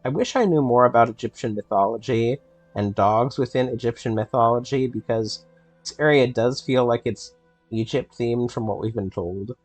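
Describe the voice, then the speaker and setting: A man's voice: medium pitch, normal speed, no room sound, soft background music. Man musing aloud in a dry close voice. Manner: reads in-game texts aloud and muses over them; playful, thinks out loud with many fillers. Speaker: let's play host. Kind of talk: casual gameplay commentary.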